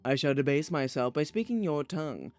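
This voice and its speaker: A man's voice: fairly high pitch, expressive, a little fast, close to an everyday voice. A man voicing an aloof, dismissive young woman in a story game, read in a cold, dry, cutting manner. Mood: curt.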